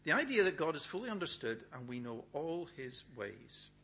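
A middle-aged male preacher with a bright, forceful voice whose pitch swings widely as he leans on key words and pauses. The recording is dull and lo-fi, with a faint hum underneath. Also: sing-song. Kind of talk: sermon.

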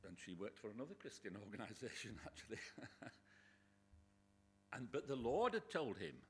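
A man preaching a sermon in a church, chatty with joking asides, bursting into loud emphatic quotes. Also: fairly low pitch, big pitch swings, normal speed, slight background noise. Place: church with a pulpit, indoors.

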